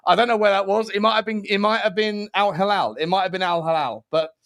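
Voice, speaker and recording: A man co-hosts a football podcast in loose, jokey chat. His voice sits high for a man. He rambles and corrects himself often as he reads out the news. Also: fast talker, few pauses, fairly bright tone. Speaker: podcast co-host.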